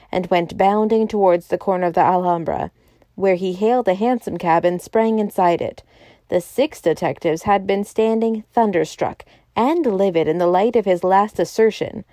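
Woman audiobook narrator, measured, mellow, dry close read. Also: mid-range voice, no echo. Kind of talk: scripted narration.

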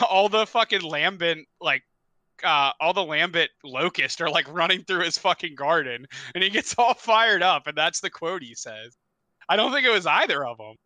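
A man's voice: on the high side, animated, moderate pace, sharp tone, no echo. A young man co-hosting a casual gaming podcast, rambling a little, laughing easily and swearing casually. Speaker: podcast co-host.

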